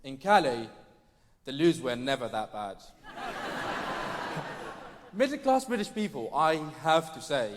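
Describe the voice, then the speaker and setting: On a theatre stage, a man delivers a stand-up set in a mid-range voice with big pitch swings, speaking slowly with long pauses. His wry, mock-posh impressions target British people. Long reverb, slight background noise and faint audience ambience fill the live recording.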